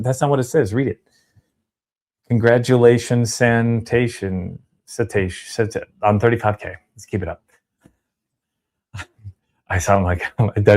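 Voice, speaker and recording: A man hosting a casual livestream, chatty and upbeat as he reads out viewer donations and shout-outs. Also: mid-range voice. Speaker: livestream host reading super chats.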